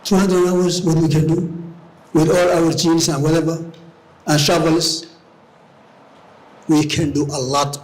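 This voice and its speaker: A man lecturing a university crowd, his voice sitting a touch higher than most men's. He rallies the room and doubles back on his words as he hunts for the next one, in a public-lecture style. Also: flat delivery, measured pace, pauses often, rough recording. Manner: rallying, repeats words while searching. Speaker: guest lecturer.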